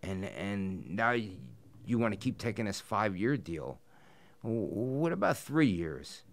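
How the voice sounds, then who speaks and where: Gruff deep-voiced man, blunt and profane. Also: sing-song, a little slow. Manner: blunt, profane storytelling with frequent fillers. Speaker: professional wrestler, guest. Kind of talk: casual interview talk. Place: studio interview set.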